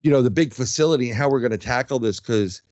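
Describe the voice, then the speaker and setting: A man's voice: mid-range voice, quick pace, no room sound, highs cut off. A man who investigates the paranormal, telling his experiences in a casual interview and acting out what others said. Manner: animated storyteller, acts out quotes.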